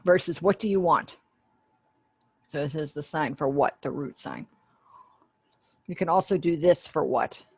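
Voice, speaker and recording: A woman with a low voice and darkish, breathy tone speaks at normal speed, with no echo in the recording. She is the ASL voice interpreter for a webinar teacher, giving spoken form to a sign language lesson online. She explains it step by step, chatting along with small asides.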